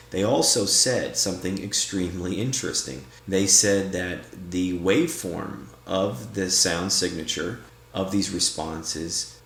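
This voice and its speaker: A man doing paranormal vlog narration, speaking slowly and deliberately and calling out to unseen guides. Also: low voice. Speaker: paranormal investigator. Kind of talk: vlog narration and spirit session. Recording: echoey room.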